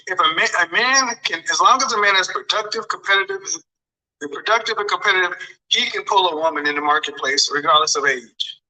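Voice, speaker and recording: A man's voice: high-pitched, brisk, sharp tone, far from the mic, rough recording. A man lecturing viewers on dating in emphatic commentary, often repeating his phrases for effect.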